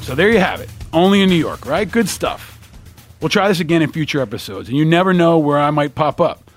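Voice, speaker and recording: Fast-talking man hosting street interviews. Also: fairly high pitch, lively intonation, soft background music. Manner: quick joking banter with passersby. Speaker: podcast host doing street interviews. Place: outdoors on a city street.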